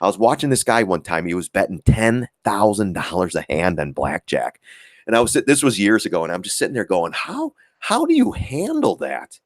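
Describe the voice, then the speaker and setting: Low-ish guy on a trading stream, rambles, lots of "you know", chuckles, dry sound. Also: animated, fairly quick, dry recording. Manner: rambling, full of filler words and repeats; acts out quoted voices, chuckles often. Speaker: stock trading livestream host. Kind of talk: casual livestream chat.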